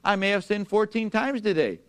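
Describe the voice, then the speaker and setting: Man, preacher delivering a sermon; high, smooth voice, emphatic, draws the congregation in with questions. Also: expressive, fairly bright tone. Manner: emphatic, asks the congregation to repeat lines, slows for scripture. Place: church before a congregation.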